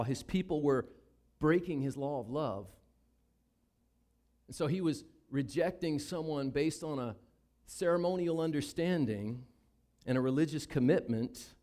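A man with a Southern US accent preaching a sermon, acting out the Bible characters' lines. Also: fairly high pitch. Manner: animated, acts out Bible characters in voices. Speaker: pastor.

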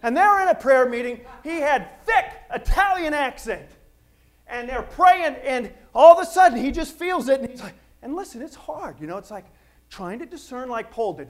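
A middle-aged man preaching a sermon, telling stories with jokes and asides in an animated way. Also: extremely high pitch, normal speed. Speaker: pastor.

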